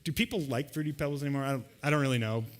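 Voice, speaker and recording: At a church service, a pastor preaches to a live congregation in a racing, mid-range male voice. He talks loosely and conversationally, acting out everyday scenes.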